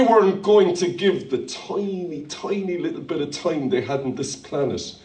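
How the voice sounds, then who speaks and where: A man's voice: on the high side, animated, unhurried, warm tone. A man preaching a fervent sermon as pastor, calling out to his congregation. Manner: fervent preaching with call-and-response. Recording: roomy hall, voice from far off.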